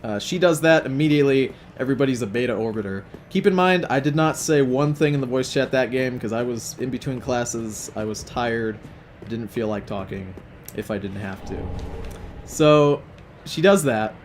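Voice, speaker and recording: A man's voice: medium pitch, moderate pace, slight background noise. Profane, rambling young male gamer. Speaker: let's play host. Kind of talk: casual gameplay commentary and storytelling.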